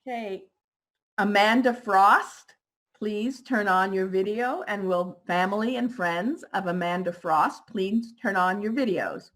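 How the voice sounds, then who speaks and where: A woman moderating a virtual ceremony, calling graduates' names slowly and deliberately on a video call. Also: medium pitch, a bit bright. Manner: slow, deliberate announcing.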